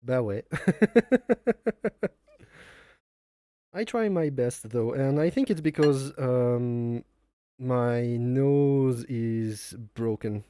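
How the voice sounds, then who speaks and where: A man's voice: mid-range voice, drawn-out words, long pauses, warm tone, no echo. A man from France with a French accent and a nasal voice, chatting casually on a cooking live stream. He rambles and jokes about himself. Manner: rambling, joking, chuckles often, speaks non-native English. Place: home kitchen.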